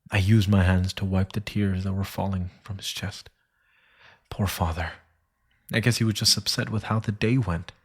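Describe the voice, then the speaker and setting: Man reading a creepy story, super deep and breathy, slow and hushed, whispers a lot. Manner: solemn, hushed storytelling that often sinks to a whisper. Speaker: story narrator. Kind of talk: scripted thriller narration.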